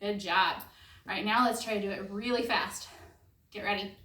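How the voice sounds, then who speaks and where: A woman's voice: medium pitch, steady tone, normal speed, sharp tone. A woman leading children in call-and-response memory drills, chanting and singing facts in a playful, coaxing way. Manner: playful, coaxing children to repeat in silly voices. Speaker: homeschool memory-work tutor. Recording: echoey room, voice from far off the mic.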